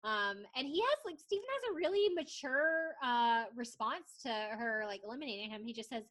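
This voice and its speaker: A woman's voice: on the high side, normal speed, hardly any pauses. A young woman co-hosting a casual podcast, telling a reality TV story with lots of swearing and acted-out quotes. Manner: animated storytelling, swears freely, acts out quotes. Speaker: podcast co-host. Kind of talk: casual chat recapping reality TV.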